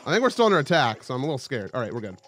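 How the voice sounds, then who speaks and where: A young man's mid-range voice races along over a little hiss or hum. Hosting a let's play, he casually commentates his game, excitable and joking, yelping whenever something sudden happens.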